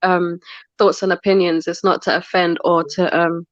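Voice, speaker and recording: A woman on a live-stream panel. She explains things in a measured way with hesitant fillers. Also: on the low side, level tone, no room sound. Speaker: panel guest. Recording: dull, dry lo-fi stream audio.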